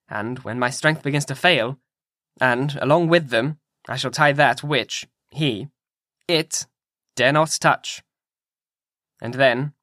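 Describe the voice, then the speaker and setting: A man reading an audiobook in a measured, grave manner. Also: mid-range voice, pushed and bright, no room sound, clean studio sound. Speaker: audiobook narrator.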